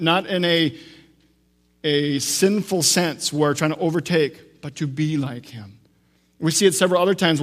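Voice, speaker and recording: Higher-voiced male preacher in an echoing hall. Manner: conversational preaching, unhurried, frequent restarts and asides. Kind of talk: sermon. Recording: long echo of a large hall.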